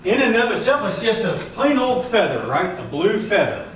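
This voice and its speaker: Man, workshop leader, lively pitch and a slightly high voice, encouraging and patient with a group, caught on a distant mic in an echoey, noisy room. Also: moderate pace, crowd noise. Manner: encouraging, asks the group questions, repeats praise. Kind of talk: hands-on group music lesson. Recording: echoey room from far off, background noise.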